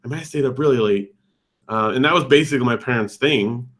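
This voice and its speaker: A man in his thirties co-hosts a podcast, talking fast in a mid-range, fairly bright voice. His casual chat rambles, full of fillers and restarts.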